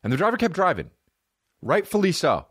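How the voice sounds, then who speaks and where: A man in his thirties hosting a comedy podcast, ranting in a profane, animated way. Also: high voice, a little fast, no echo, studio quality. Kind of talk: casual comedic rant.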